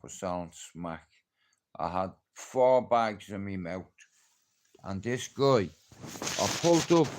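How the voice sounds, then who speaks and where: A middle-aged man with a Dublin accent telling a street story on a casual livestream, acting out the people in it. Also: low voice. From Ireland. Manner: animated, acts out the people in his story. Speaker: livestream host.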